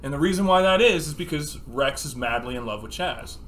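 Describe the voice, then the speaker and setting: A man co-hosting a casual podcast, telling stories with lots of swearing and acting out scenes with sudden shouts. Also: medium pitch, a little fast, a little hiss or hum. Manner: animated storyteller, acts out scenes with sudden shouts; swears freely. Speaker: podcast co-host. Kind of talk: casual chat.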